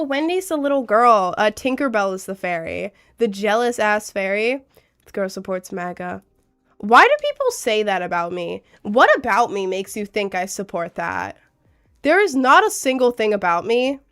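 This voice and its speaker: A young woman streaming live with a cold, chatting in a rambling, giggly way and reading out chat. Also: medium pitch. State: has a cold.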